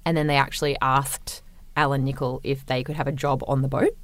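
A woman's voice: very deep voice, level tone, a little fast, no room sound. A young Australian woman co-hosting a podcast, telling a story in a chatty, swearing, laughing way. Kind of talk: casual chat. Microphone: podcast microphone.

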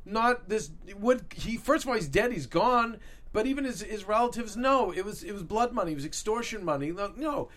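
A man co-hosting a casual recap chat, animated and excitable, acting out what others said. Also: high voice, fairly quick. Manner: animated, excitable, acts out quotes. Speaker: podcast co-host.

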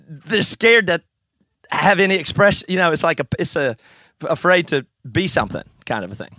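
Podcast guest: opinionated South Carolina Southern man, bright, higher-pitched voice. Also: big pitch swings, normal speed, no echo, studio quality. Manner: opinionated, ranting. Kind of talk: casual chat.

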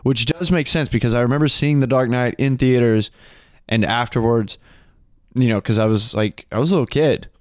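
Podcast co-host, man, 20s, joking and excitable, smooth voice, dry close sound. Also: medium pitch, normal speed, no echo. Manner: joking, excitable, swears freely. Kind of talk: casual chat.

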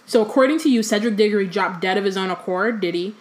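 A woman's voice: mid-range voice, quick pace, close to an everyday voice. A woman reading aloud as a cold, falsely sweet female teacher.

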